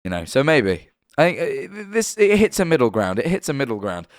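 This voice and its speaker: A young British man rambles through a casual live-stream chat in a medium-pitched voice and stops often to correct himself. His voice sounds dry and close, with no room around it. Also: very animated, a little fast, no room sound. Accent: British English. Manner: rambling, self-correcting, chatty.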